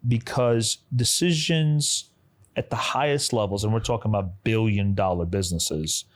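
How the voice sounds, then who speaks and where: A man's voice: on the low side, normal speed. A man speaking as a business lawyer in a panel discussion, posing questions and reframing the issue.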